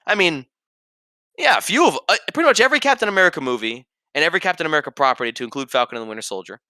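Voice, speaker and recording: A young man co-hosting a casual podcast chat, animated and joking, swearing freely. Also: fairly high pitch, rapid-fire, dry recording. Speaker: podcast co-host. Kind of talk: casual chat reviewing a film trailer.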